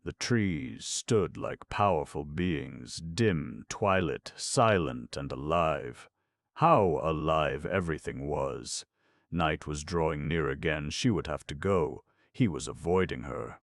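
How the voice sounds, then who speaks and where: A man reading a novel aloud as an audiobook narrator, in a measured, expressive manner. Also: a bass voice, dry recording, clean studio sound. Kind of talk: scripted narration.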